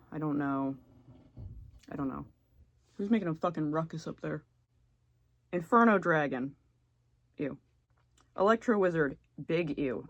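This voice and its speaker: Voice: mid-range voice, no echo. A young adult YouTuber giving blunt, sarcastic, casual comedic commentary and swearing freely. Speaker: YouTuber ranking game characters.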